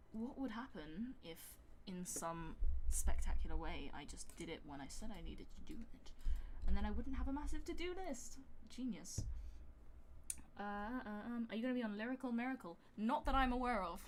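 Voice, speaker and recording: A woman's voice: mid-range voice, animated, moderate pace, slight background noise. A woman chatting casually on a live stream while making music, rambling with lots of fillers and reading out chat. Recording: music playing behind the voice.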